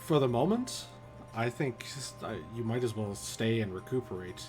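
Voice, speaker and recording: A man playing in a tabletop game, speaking in character in a relaxed, hesitant way. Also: medium pitch, normal speed, over music. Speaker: player. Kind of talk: casual in-character play.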